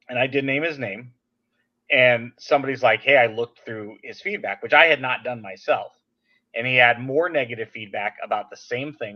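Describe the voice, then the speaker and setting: A man hosting a casual podcast chat, telling an animated, venting story in an everyday voice. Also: fairly low pitch, dull audio. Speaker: podcast host.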